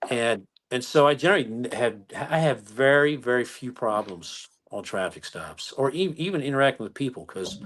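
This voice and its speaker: A middle-aged American man, a police chief, telling work stories in a folksy, animated way during an interview. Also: mid-range voice, moderate pace, hardly any pauses. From United States. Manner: folksy, animated retelling with acted-out quotes. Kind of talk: conversational storytelling interview.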